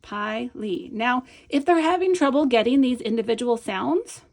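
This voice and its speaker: A middle-aged woman teaching a lesson, patient and explanatory, slowing down to model each sound and often checking in with "right?". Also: high voice, lively intonation, a little mellow. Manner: slows and stretches words when modeling sounds. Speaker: teacher trainer. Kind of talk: instructional video lesson.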